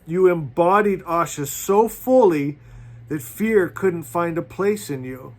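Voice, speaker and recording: A man with a high voice preaches at an unhurried, deliberate pace. He reads inspirational passages aloud as a spiritual teacher, fervent and exhorting toward his listeners. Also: expressive. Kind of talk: inspirational sermon reading aloud.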